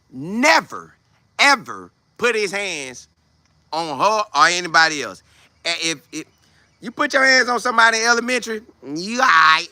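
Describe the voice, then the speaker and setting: A young man hosting a podcast, giving preachy, animated commentary in a casual way. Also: high voice, no echo. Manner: animated, preachy, acts out scenes in put-on voices. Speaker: podcast host.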